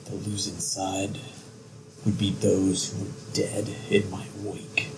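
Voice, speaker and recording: Casting: a man playing a silky, menacing sorcerer who wants to be a god, low gravelly voice. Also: expressive, slow, noisy background, heavily acted. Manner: smooth, persuasive, menacing. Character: power-hungry male sorcerer claiming godhood.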